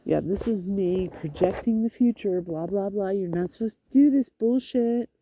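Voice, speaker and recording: A woman's voice: medium pitch, normal speed, mellow, a little hiss or hum. A woman venting in a rambling, frustrated monologue, swearing and talking to her cats outdoors on a road. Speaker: vlogger.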